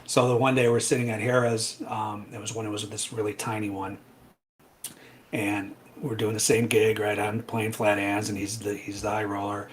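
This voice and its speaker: A man casually telling a long personal story, animated, with frequent asides like "right?" and "I'm like". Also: on the low side, moderate pace, a little hiss or hum. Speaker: trading educator guest.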